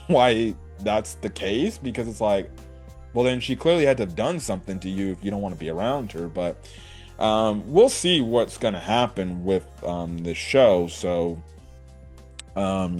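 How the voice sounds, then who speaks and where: Rambling, low-voiced man recapping anime. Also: animated, measured pace, darkish tone, faint music behind. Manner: rambling recap with many fillers and acted-out quotes. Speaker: anime reviewer. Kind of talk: casual spoken episode review.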